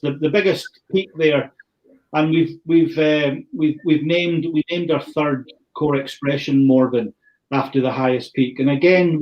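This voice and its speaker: A man's voice: on the high side, highs cut off. A middle-aged man from the far north of Scotland with a Scottish accent, presenting an online whisky tasting in a chatty, rambling way and often restarting his phrases. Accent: Scottish, far north (Caithness). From Thurso, north of Scotland.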